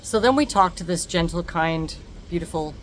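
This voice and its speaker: A woman telling a personal story to camera, animated and emphatic, acting out the dialogue and repeating words for effect. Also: fairly low pitch, normal speed, a little hiss or hum. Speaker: vlogger.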